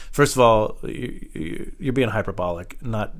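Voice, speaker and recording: A man's voice: on the low side, moderate pace, few pauses. A man hosting a comedy show, telling a casual, rambling and self-deprecating comic monologue.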